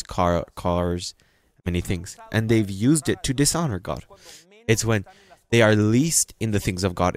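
Male pastor, sermon, lowish voice, emphatic loud bursts, slow scripture reading. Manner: reads scripture aloud slowly and stresses it.

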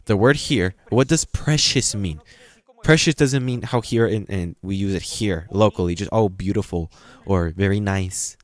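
A man preaching a sermon as pastor, reading scripture slowly and breaking into sudden loud, emphatic passages. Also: lowish voice. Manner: reads scripture aloud slowly and stresses it.

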